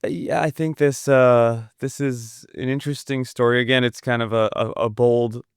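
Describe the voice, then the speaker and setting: A man with a mid-pitched, smooth and clear voice chats eagerly about a film, circling back and restarting his thoughts. It is a dry, close recording. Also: steady tone, normal speed, dry recording. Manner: enthusiastic, rambling with restarts. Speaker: podcast co-host. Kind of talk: casual film review chat.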